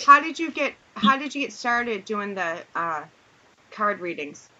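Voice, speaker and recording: A woman's voice: mid-range voice, sing-song, a little slow, sharp tone. A woman hosting a casual interview chat, playful and self-deprecating as she talks. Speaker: podcast host. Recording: muffled audio with background noise.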